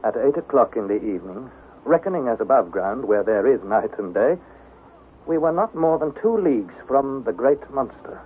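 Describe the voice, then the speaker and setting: A man's voice: mid-range voice, lively intonation, normal speed, close to an everyday voice. A man playing an earnest, anxious young nephew narrating. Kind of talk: 1960s radio drama narration and acting. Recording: tinny, hissy old radio broadcast.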